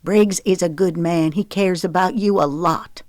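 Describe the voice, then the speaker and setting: A woman's voice: on the low side, measured pace, a little mellow, no echo, lightly acted. A woman reading the part of a frank, coaxing middle-aged mother in an audiobook, in a dry recording.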